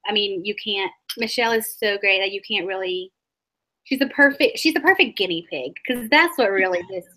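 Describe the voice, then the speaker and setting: A woman's voice: medium pitch, brisk, bright, forceful tone. Young woman rambling on a live stream. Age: 20s. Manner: rambling, scattered. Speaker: co-host. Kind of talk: casual live-stream chat.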